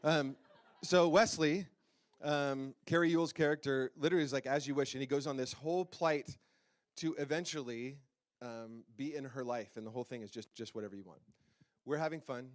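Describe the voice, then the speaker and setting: At a moderate pace and medium pitch, a pastor preaches in a church sanctuary with a handheld microphone. He keeps things casual and conversational, joking around and frequently asking his congregation questions.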